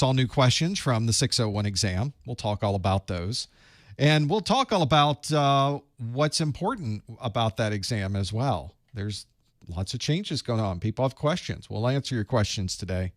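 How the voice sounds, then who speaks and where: A man's voice: medium pitch, no room sound, clean studio sound. Folksy Southern man hosting a livestream. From Southern United States. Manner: chatty and folksy, greeting viewers by place. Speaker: IT certification instructor hosting a live study group. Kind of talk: casual livestream pre-show chat.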